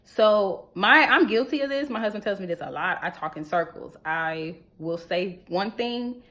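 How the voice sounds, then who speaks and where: A young adult woman talks straight to wives about marriage in a casual, preachy way. She presses her points with rhetorical questions and repeats them for emphasis. Her pitch sits in an ordinary middle range. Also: expressive, normal speed, hardly any pauses, fairly bright tone. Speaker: marriage advice speaker. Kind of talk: casual advice talk to wives.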